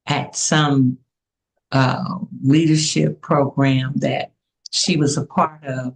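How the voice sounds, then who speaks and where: A woman giving a heartfelt spoken tribute as a spiritual mentor, affectionate and unhurried. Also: extremely low pitch, poor audio. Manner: slow, warm and affectionate, with soft laughs.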